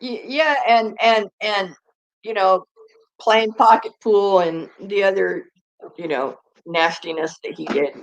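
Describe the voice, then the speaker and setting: A woman's voice: mid-range voice, slow pace, vocal fry, rough recording. A woman vlogger chatting casually and rambling, often turning to talk to her dogs. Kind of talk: casual chat.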